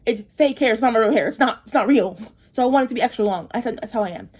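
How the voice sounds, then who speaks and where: A woman's voice: a little high, rapid-fire, husky. Rambling, frustrated woman vlogger. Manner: chatty, rambling, repeats phrases for emphasis; frustrated, venting. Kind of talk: casual storytime while getting ready.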